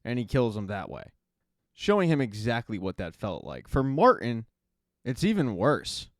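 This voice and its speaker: A man's voice: mid-range voice, wildly swooping pitch, moderate pace, no room sound, clean studio sound. A man hosting a casual spoken recap of a TV season, chatty and adding offhand asides as he goes. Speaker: TV recap host.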